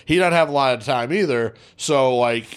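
A man spins a crude, lively tale for his podcast co-hosts, dropping curses into nearly every phrase. His voice sits in a middle register and gets animated at the high points. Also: normal speed, clean tone. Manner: profane, animated, swears constantly. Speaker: podcast co-host. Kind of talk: casual storytelling.

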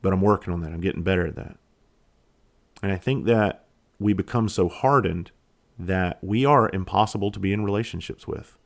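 A man hosting a podcast, talking candidly and reflectively, blunt and quick to swear. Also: sits low, vocal fry. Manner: reflective, halting. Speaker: podcast host. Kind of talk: casual solo podcast monologue.

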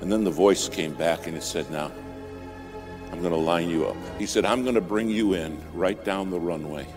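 A man preaching a sermon as a story, dramatic, rising to loud peaks and dropping to near whispers. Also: sits low, normal speed. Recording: music bed under the voice.

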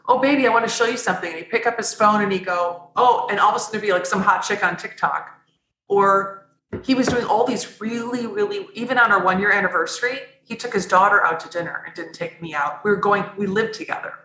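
Woman, podcast guest, candid personal story, bright tense voice, echoey room, rambling restarts. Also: medium pitch, a little fast. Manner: earnest, rambling, frequent restarts.

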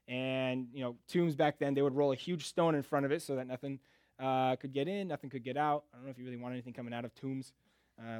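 A man preaching a casual, joking sermon in a relaxed conversational way. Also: a little high, no room sound, clean studio sound.

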